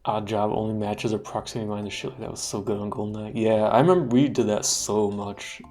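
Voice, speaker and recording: A man in his thirties chatting casually while streaming a game, relaxed, laughing often and swearing freely. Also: on the low side, fairly quick.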